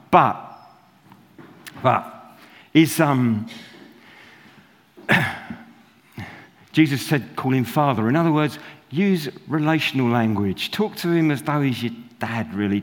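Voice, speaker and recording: A man gives a relaxed, conversational sermon, wandering through his points with lots of "you know" and small laughs. His voice sits a touch high for a man. The sound carries the long reverb of a church hall. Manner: chatty, rambling, self-interrupting with fillers and laughs. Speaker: preacher. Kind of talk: informal sermon.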